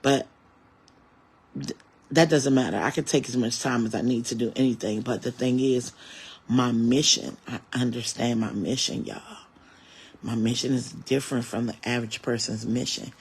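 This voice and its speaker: Gravelly, husky man in his forties. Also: mid-range voice, fairly even intonation, moderate pace. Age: 40s. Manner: earnest, faith-filled, speaks to viewers directly. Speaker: comedian. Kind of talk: personal reflective monologue.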